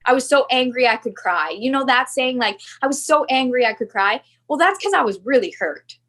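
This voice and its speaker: A woman's voice: high-pitched, expressive, brisk, fairly bright tone. A woman in her thirties, a podcast guest, talking earnestly and confessionally, with many "like" fillers. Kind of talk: candid personal interview.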